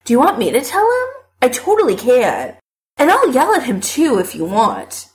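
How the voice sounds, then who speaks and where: Woman putting on a bubbly blunt girl who squeals a lot, high and bouncy. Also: huge pitch swings, normal speed. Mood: supportive. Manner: high, gushing, loud squeals. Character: bubbly excitable young woman, blunt and loyal. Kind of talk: audiobook character voice.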